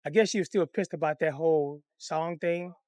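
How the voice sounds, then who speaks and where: A man telling a comic personal story in a profane, animated, conversational way. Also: fairly high pitch, moderate pace, no echo.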